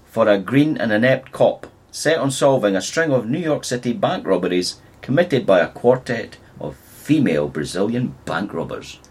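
A man's voice: fairly low pitch, moderate pace, hardly any pauses, husky. A man joking around as a podcast co-host in casual film chat. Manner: animated, jokey.

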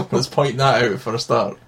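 A man co-hosting a casual film podcast, chatty and quick to giggle. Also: medium pitch. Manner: giggly, chatty, lively banter. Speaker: podcast co-host.

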